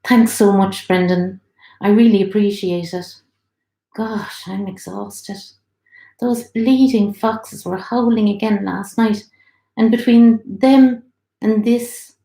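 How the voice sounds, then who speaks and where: A woman's voice: mid-range voice, fairly even intonation, takes it slowly, dark tone. A woman voicing a weary, heavily pregnant young woman with a sweet tooth, in a chatty, plaintive way, recorded in a roomy space with some echo. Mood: tired.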